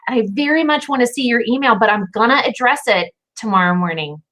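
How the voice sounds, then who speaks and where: A woman's voice: fairly high pitch, fast talker, fairly bright tone. Woman guest, earnest and reflective, casual chat with many fillers. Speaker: guest, entrepreneur.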